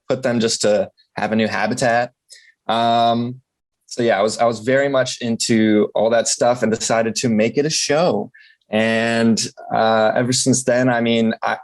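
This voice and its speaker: Young adult man from Michigan, relaxed podcast guest, easygoing and chatty. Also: mid-range voice. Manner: laid-back, laughs often, fillers. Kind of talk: casual interview chat.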